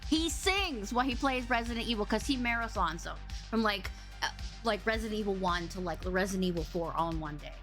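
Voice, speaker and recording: A woman hosting a casual podcast interview with a streamer; she is animated and laughs often. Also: medium pitch, brisk, faint music behind. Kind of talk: casual chat.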